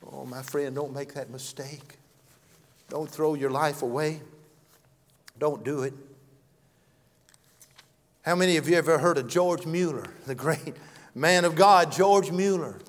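Preacher guy, high voice, earnest, goes loud then real quiet, big hall echo. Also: measured pace, long pauses. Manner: earnest, swings from loud to hushed. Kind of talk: sermon with storytelling. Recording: long hall reverb.

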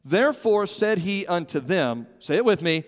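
High, animated preacher in a hall. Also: male voice, moderate pace. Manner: animated, calls on the congregation to respond. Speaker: pastor. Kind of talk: sermon. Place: church sanctuary. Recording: long hall reverb.

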